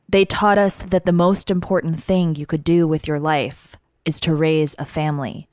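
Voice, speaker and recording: A woman's voice: fairly low pitch, dry recording, clean studio sound. A woman in her thirties giving scripted narration in a wry, confiding way.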